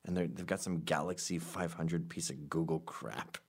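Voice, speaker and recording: A comedian doing a rambling, sarcastic comedic monologue with deadpan asides, jumping into loud, high voices for the people he quotes. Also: normal speed, breathy edge.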